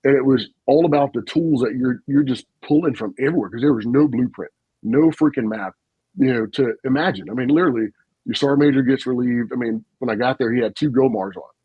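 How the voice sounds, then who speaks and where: A man, a retired army officer, telling stories in an animated, folksy way on a casual podcast. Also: mid-range voice, brisk, slightly rough, no echo, phone-quality sound. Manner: animated, folksy storyteller with frequent asides and laughs.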